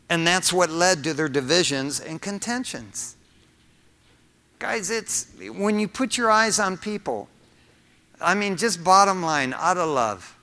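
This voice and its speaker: A middle-aged man preaches with a bright, forceful voice pitched a little high. He talks to the congregation earnestly and conversationally, dropping in personal asides. His words ring out with a long reverb, as in a church sanctuary. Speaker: pastor. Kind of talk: sermon.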